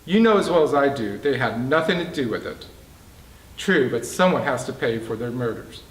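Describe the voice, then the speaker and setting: A man's voice: mid-range voice, lively intonation, moderate pace, lightly acted. Smug taunting prison boss, read by a man. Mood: mocking. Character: mocking scheming male prison boss. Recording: roomy, distant mic.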